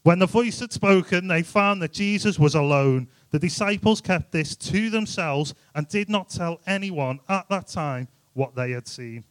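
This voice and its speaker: Man, youth sermon, chatty and jokey, higher voice, dry recording. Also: a little slow, hardly any pauses, no room sound. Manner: chatty, jokey, rhetorical questions. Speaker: youth speaker.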